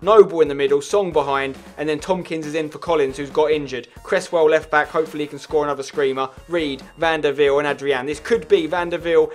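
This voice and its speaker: A young man commentating his own football management game, excitable and yelling at his players. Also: a little high, brisk, hardly any pauses, faint music behind. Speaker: gaming YouTuber.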